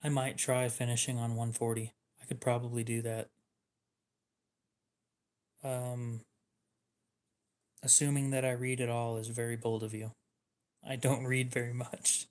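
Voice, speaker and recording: Flat-voiced man chatting on stream. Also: medium pitch, a little slow, long pauses. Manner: dry, teasing replies to chat. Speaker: livestream host. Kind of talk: casual livestream chat.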